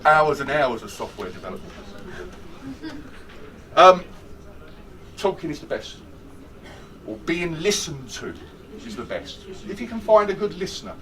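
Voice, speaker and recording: A man leads a workshop in a lively, jokey way, with a slightly high voice that swings up and down. He keeps asking his audience questions. He is recorded from a distance, with faint noise in the room. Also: unhurried, pauses often. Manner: animated, jokey, chatty, asks the audience questions. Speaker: workshop trainer on stress management. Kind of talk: lively interactive workshop talk.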